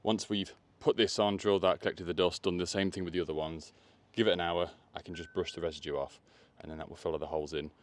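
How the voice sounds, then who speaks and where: Deep-voiced tradesman chatting on the job. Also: steady tone, quick pace, few pauses. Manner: chatty, thinking aloud while working. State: out of breath at times. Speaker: electrician. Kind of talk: on-the-job vlog narration. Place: outdoors on a roof and in a loft, rainy. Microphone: phone camera.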